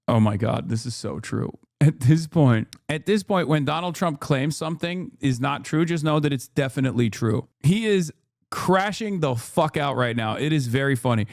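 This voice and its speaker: A man's voice: mid-range voice, normal speed, gravelly, no room sound, studio quality. A man in his thirties streaming political commentary, sarcastic and profane, mocking as he reacts to the news.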